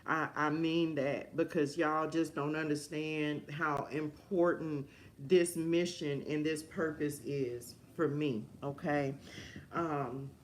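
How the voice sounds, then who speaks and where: A woman with a low-pitched voice hosts a live stream as a life coach, speaking slowly with fairly even intonation over a little hiss or hum. Her motivational message is fervent and emotional, with preacher-like repetition.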